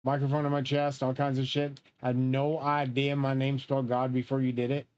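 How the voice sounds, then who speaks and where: A man's voice: mid-range voice, completely flat delivery, fairly quick, darkish tone, smooth, highs cut off. A man streaming a shooter game, rambling on in a profane, grandiose way. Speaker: livestreamer playing a shooter game. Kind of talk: rambling live-stream chat.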